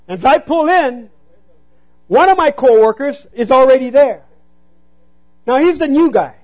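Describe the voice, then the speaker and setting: A man preaching a sermon, telling a personal story and calling out to the congregation, sometimes dropping to a hush for emphasis. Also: very high-pitched, lively intonation, a little slow, low-quality recording. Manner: storytelling, call-and-response "Amen?".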